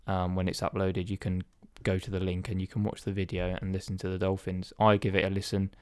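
A man's voice: deep voice, completely flat delivery, fairly quick, clean tone, no room sound, studio quality. A man hosting a casual podcast chat, rambling with lots of ums and restarts. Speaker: podcast host.

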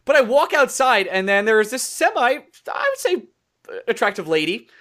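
A young man co-hosting a podcast, telling a story in casual chat and acting out quotes with a lively voice. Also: moderate pace. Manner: animated, acts out quotes in higher voice. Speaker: podcast co-host.

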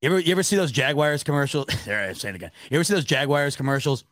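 A man's voice: on the high side, expressive, very fast, hardly any pauses, a bit bright, no echo, studio quality. A young man from the Rochester, New York area, hosting a casual sports talk show, rambling, correcting himself and swearing freely. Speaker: sports podcast host. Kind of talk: casual chat with live chat readers.

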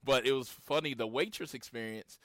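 A man in his late thirties from Oklahoma, chatting casually as a podcast co-host and retelling his encounters with lively storytelling. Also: mid-range voice, normal speed, no echo, clean studio sound. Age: 30s. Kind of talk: casual chat.

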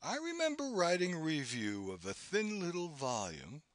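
A man's voice: on the high side, wildly swooping pitch, moderate pace, dry recording, pitched above the performer's own voice. A man reading an audiobook, voicing a proud, bookish literary critic who speaks in a formal, academic manner.

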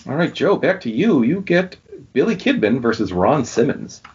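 A podcast quiz host with a husky, mid-range voice reads wrestling trivia questions, names and answers at a moderate pace. His delivery is lively and the quiz feels casual. Everything comes through with a dull, lo-fi recording quality.

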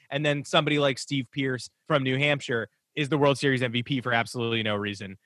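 A male sports podcast host with a bright, forceful tone, chatting casually. He rambles and restarts himself, opinionated and fast-moving. The sound is dry and close. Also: mid-range voice, no echo. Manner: rambling, self-interrupting, opinionated.

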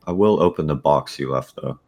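A man playing in a tabletop game, speaking slowly and in a measured way as his character. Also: extremely low pitch, gravelly, darkish tone, soft background music. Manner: slow, measured in-character speech. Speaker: player. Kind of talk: tabletop role-play.

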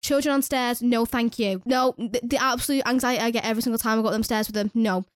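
A woman's voice: on the high side, fairly even intonation, fast, dry recording, clean studio sound. A young woman who works at a nursery, telling a story in casual chat with lots of swearing and exasperated ranting. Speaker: nursery worker.

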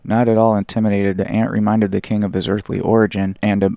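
Podcast host, male, low gravelly voice, loose rambling delivery, dry close sound. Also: little pitch movement, quick pace, mellow, no room sound. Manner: rambling, full of "like" fillers, reads passages aloud. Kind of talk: casual podcast commentary.

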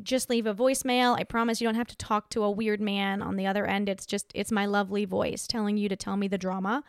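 A woman's voice: a little high, a bit bright, clear, resonant tone, no echo, studio quality. A young woman hosting a podcast, giving blunt, sassy relationship advice in a casual, playful chat. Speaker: podcast host.

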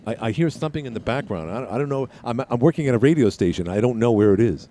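A man's voice: medium pitch, lively intonation, fast, dark tone, a little hiss or hum. A male radio talk show host talking solo in a studio, rambling with frequent restarts and asides. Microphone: studio mic with headset.

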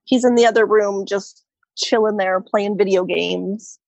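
Woman, podcast co-host, playful teasing banter, mid pitch, dry close recording. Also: fairly even intonation, unhurried, vocal fry, a little mellow, no room sound, low-quality recording. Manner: teasing and joking. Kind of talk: casual podcast chat.

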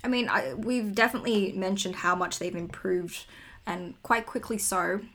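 At a moderate pace and in a mid-range, somewhat bright voice, a young woman co-hosting a podcast gives casual figure skating commentary, tossing in her own opinions as asides.

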